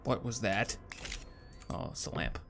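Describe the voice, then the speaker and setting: A man's voice: on the low side, measured pace, creaky, noisy background. A man playing a horror game and talking to his viewers, nervous and jumpy, swearing and muttering to himself, with faint keyboard clicks. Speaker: gaming channel host. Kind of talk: horror game let's play commentary.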